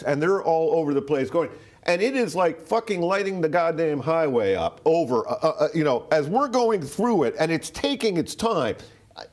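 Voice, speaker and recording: Older man in his sixties, from Rhode Island, slightly high voice, rambling interview anecdote, fillers and swearing. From Rhode Island, USA. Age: 60s. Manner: rambling, full of "like" and restarts, swears for emphasis. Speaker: guest telling a personal story. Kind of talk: casual storytelling in an interview.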